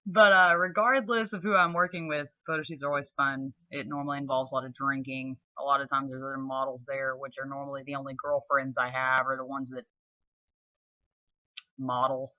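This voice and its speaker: Sitting on the floor at home, a young Southern model and vlogger chats to the camera in a blunt, laid-back way, using plenty of fillers. Her voice is very deep, fairly even in intonation and fairly quick, and the audio is dull with no echo.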